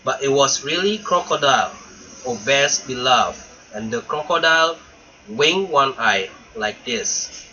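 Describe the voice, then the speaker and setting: Male storyteller, storybook read-aloud, slow and bright, lo-fi sound. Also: mid-range voice, lively intonation. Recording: dull lo-fi recording.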